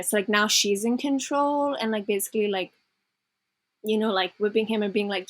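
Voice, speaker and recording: A young woman co-hosts a casual podcast. She recaps a show in long, filler-packed run-on sentences, swearing freely. Her voice is mid-pitched and sounds dry, with no room echo. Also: fairly even intonation, moderate pace. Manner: rambling, filler-heavy, profane. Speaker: podcast co-host.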